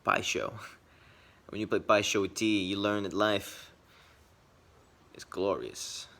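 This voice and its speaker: A man giving earnest personal commentary, swinging between quick bursts and quiet, reflective asides. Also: lowish voice, level tone, gravelly. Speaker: video essayist.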